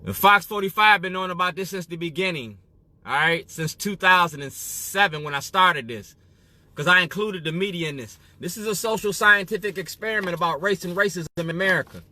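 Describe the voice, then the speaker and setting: Facing the camera, a male activist from around Waukegan, Illinois, delivers an emphatic monologue and keeps checking in with "you feel me?" He talks at a fairly quick clip in a high, bright, pushed voice.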